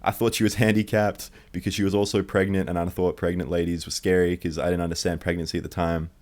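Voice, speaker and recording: Deep-voiced profane storyteller. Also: male voice, fast. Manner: profane, rambling and animated. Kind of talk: unedited one-take storytelling.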